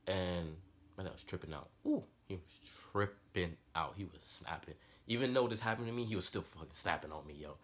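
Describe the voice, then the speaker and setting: A man's voice: deep voice, fairly quick. A young man telling a personal story in casual, slangy, rambling talk. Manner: slangy, rambling, animated retelling. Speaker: vlogger.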